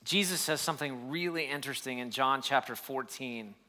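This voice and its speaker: Bright-voiced preacher man. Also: medium pitch, fairly quick. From United States. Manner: preaching with rising emphasis, reading scripture aloud. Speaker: pastor. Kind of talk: sermon.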